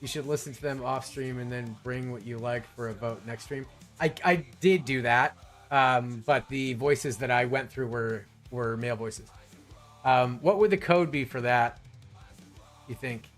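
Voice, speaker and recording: A man's voice: mid-range voice, a little slow, a bit bright, soft background music. A man hosting a live stream in casual talk, rambling and restarting his sentences often. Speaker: streamer host.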